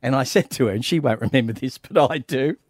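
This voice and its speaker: An Australian man co-hosting a radio show, telling stories in an animated way with frequent laughter. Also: mid-range voice, fast talker, no room sound, studio quality. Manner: animated storyteller, laughs often. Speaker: radio co-host.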